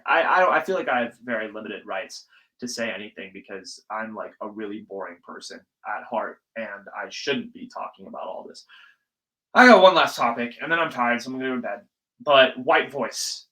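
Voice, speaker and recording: Young guy doing a solo podcast rant, bright sharp voice, swears a lot, gets loud then quiet. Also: medium pitch, poor audio. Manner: emphatic, swears freely, jumps between loud and quiet. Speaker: podcast host.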